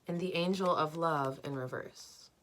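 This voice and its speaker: A young woman reading tarot cards for her viewers at home, slow and dreamy but enthusiastic, with lots of "like"s. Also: low voice, fairly bright tone. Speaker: tarot card reader. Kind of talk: pick-a-card tarot reading.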